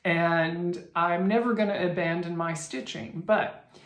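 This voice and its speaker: Chatty low-voiced woman vlogger, roomy sound. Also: fairly even intonation, measured pace. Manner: chatty and rambling, with many restarts and fillers. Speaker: cross-stitch vlogger. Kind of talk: casual chat to camera. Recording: roomy echo.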